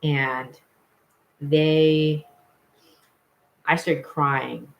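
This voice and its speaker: A man's voice: a little high, level tone, extremely slow, creaky, highs cut off. Young man rambling through a personal story. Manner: rambling, with many fillers and self-corrections. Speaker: vlogger.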